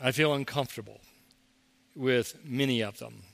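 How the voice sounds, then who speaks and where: A man's voice: mid-range voice, moderate pace, vocal fry, fairly bright tone, in a large hall. A man preaching a sermon as pastor, talking conversationally and mocking the people he quotes.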